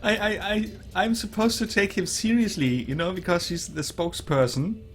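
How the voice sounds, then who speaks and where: A man's voice: high-pitched, animated, normal speed, soft background music. A man streaming a video game and chatting about it in an amused, laughing way. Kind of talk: casual gameplay commentary.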